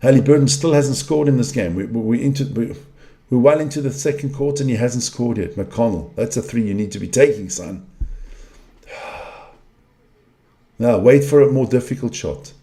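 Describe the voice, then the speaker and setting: A middle-aged man gives running live commentary on a game he is watching. He is openly frustrated, blunt and prone to swearing. His voice is mid-pitched with a dark, mellow tone. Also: moderate pace. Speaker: fan commentator.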